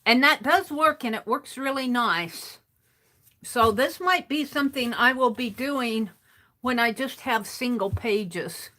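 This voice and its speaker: A woman's voice: fairly high pitch, a little slow, pushed and bright. A woman hosting an art livestream from her desk, chatting to viewers and narrating her crafting as she works. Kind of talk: casual craft demo livestream.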